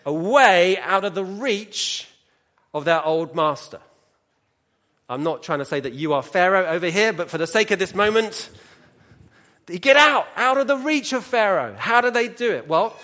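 A middle-aged male preacher with a high voice delivers a sermon to his congregation. He moves between scripture and funny personal anecdotes and keeps breaking off to speak to the listeners directly. His tone is lively and storytelling. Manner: animated storytelling with humor and asides to the congregation.

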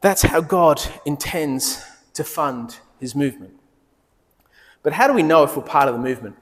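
A middle-aged male pastor preaching, telling personal stories in a conversational, animated way with quoted dialogue. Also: on the high side, moderate pace, big-room sound.

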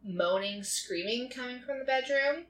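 A woman's voice: on the high side, moderate pace, fairly bright tone. A woman in casual chat, animatedly retelling a TV episode with constant "like" fillers, in a roomy echo. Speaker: co-host recapping a TV episode.

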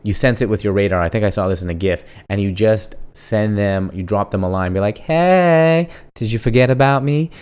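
A man hosting a casual solo podcast, asking himself questions and answering them in a jokey, animated way. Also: sits low, a little fast, few pauses, clean tone. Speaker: podcast host.

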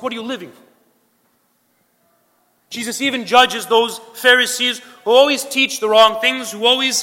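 A man's voice: high-pitched, bright, forceful tone. A man preaching a sermon in an earnest way, repeating his points and checking in with his listeners. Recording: long hall reverb.

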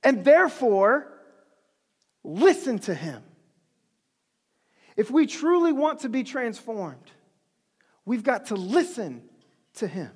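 A preacher giving an animated, humorous, conversational sermon in a large hall. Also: medium pitch, takes it slowly, pauses often, slightly rough.

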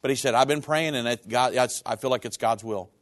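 A man's voice: mid-range voice, a little fast. A middle-aged man in ministry giving an earnest, emotional sermon testimony about his own life. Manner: earnest, personal, emotional storytelling.

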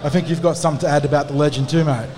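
A man's voice: fairly high pitch, fairly even intonation, rapid-fire, crowd noise. A male host who leads into the next story with friendly lead-ins. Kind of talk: casual radio chat. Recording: reverberant room.

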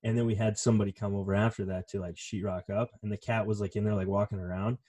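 Brief: male podcast co-host, lowish voice, casual, rambling, swears freely. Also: level tone, fast, warm tone. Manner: rambling, profane, lots of fillers. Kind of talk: casual chat.

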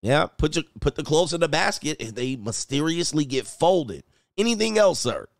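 A man's voice: a little high, sing-song, normal speed, vocal fry, no echo, studio quality. A man hosting his channel as a coach, joking through casual reaction commentary and reading news stories aloud.

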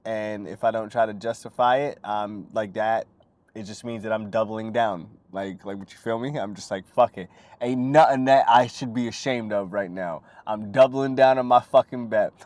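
A man's voice: fairly low pitch, moderate pace, no echo. Young man, podcast host, crude rambling monologue, heavy swearing, dry close sound. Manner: profane, rambling, animated impressions.

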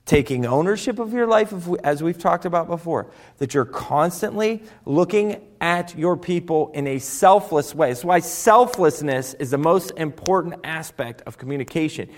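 A man giving a motivational talk on personal development, emphatic and varying his delivery for effect. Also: on the high side. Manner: emphatic, rising and falling for effect.

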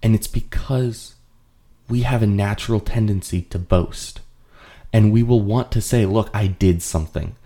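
A man with a very low, warm, mellow voice teaches a Bible study on his podcast. He explains in an earnest way and goes back over his points to drive them home. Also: steady tone, measured pace. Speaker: host.

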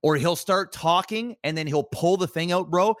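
A man co-hosting a casual podcast, telling stories excitedly and swearing often, calling his friend "bro" and "dude". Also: high voice, moderate pace, dry recording, studio quality. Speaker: podcast co-host. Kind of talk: casual chat.

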